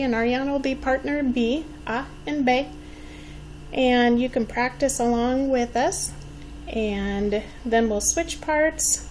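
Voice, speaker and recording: A woman in her forties leads a children's Spanish lesson, her slightly raised voice moving at an unhurried pace. She models each phrase carefully and encourages her students to say it along with her. A faint hiss of ambient noise sits behind her. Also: a little high, darkish tone, poor audio. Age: 40s. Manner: patient, encouraging, models words slowly for children to repeat. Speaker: elementary Spanish teacher. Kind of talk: slow, clearly enunciated language lesson.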